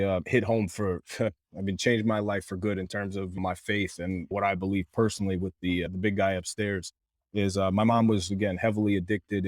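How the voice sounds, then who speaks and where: A man's voice: on the low side, no echo, clean studio sound. A man telling an emotional personal story as a podcast guest, earnest, with many fillers and restarts. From Canada. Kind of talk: candid storytelling.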